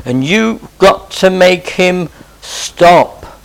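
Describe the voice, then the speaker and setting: A male preacher delivers his sermon slowly and deliberately, with fervent repeated pleas and questions to his listeners. His voice sits high for a man and carries a gravelly rasp. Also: lively intonation. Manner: impassioned, repeated urgent pleas and rhetorical questions.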